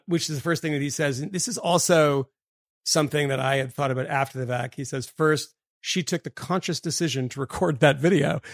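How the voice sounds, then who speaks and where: A man co-hosting a podcast, reading a listener's email aloud in a rambling way with lots of fillers and quick laughs. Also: fairly high pitch, gravelly, a bit bright, dry recording, clean studio sound. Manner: rambling, many fillers, laughs mid-sentence. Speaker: podcast co-host.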